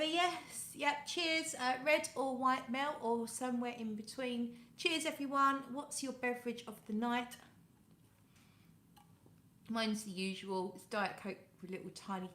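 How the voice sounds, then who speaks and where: British woman, live-stream host, chatty and warm with viewers, fairly high voice, echoey home room. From United Kingdom. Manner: chatty, reads out viewer comments and greets them by name; coos softly when talking to her cat. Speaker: fragrance livestream host. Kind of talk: casual live-stream chat.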